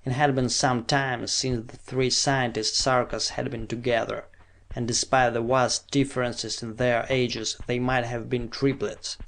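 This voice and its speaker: A man reading a science fiction audiobook in measured, steady scripted narration. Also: mid-range voice, creaky.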